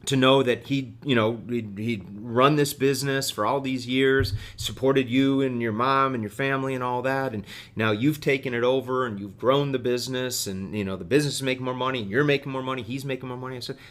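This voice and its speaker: A middle-aged man telling a story as a podcast guest, halting and full of fillers and restarts. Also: mid-range voice, fairly even intonation, fairly bright tone. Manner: halting, many fillers and repeated words. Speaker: guest executive.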